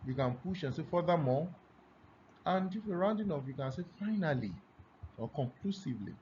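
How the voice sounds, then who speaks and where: A man teaching a lesson on speaking skills, deliberately swinging between loud and soft for emphasis. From Nigeria. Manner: deliberately varies pitch and loudness, emphatic. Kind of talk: classroom lesson on public speaking. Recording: dull lo-fi recording with faint noise.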